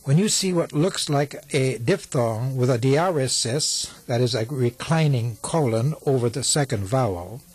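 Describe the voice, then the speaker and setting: A man reading a language lesson from an old instructional tape, slow and carefully enunciated. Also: medium pitch, expressive, darkish tone, breathy edge.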